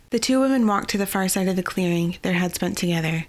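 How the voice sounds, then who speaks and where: A woman narrating a fantasy novel in a steady, even storytelling voice. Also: fairly low pitch, fast, hardly any pauses. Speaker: audiobook narrator.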